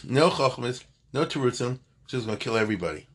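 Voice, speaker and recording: An older man teaching a loose, chatty Talmud class. His voice is husky and sits at an ordinary pitch. He wanders off on asides and corrects himself mid-sentence. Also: animated, a little fast, a bit bright. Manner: digressive, conversational, self-correcting. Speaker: Torah teacher.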